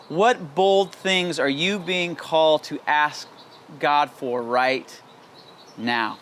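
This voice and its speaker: A man's voice: high-pitched, bright, forceful tone, slight background noise. A male pastor giving a daily devotional sermon in an earnest, candid and personal way, with pleading, emphatic repetition.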